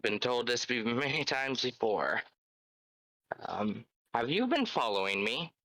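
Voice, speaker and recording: A man's voice: medium pitch, sing-song, measured pace, fairly bright tone, no echo, poor audio. A man voicing a wary, unlucky male dwarf who speaks in an old-fashioned way. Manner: old-fashioned in-character speech.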